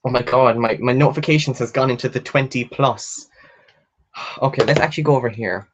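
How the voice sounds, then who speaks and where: A man's voice: medium pitch, fairly quick, highs cut off. A young man hosting a book live stream, chatting casually and answering viewer comments, gushing and rambling with lots of fillers and the odd swear word. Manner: reads viewer comments aloud and answers them.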